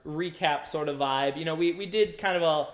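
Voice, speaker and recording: A man's voice: a little high, normal speed. A young man hosting a casual podcast chat, upbeat and rambling, laughing often. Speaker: podcast host. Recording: roomy, echoey room.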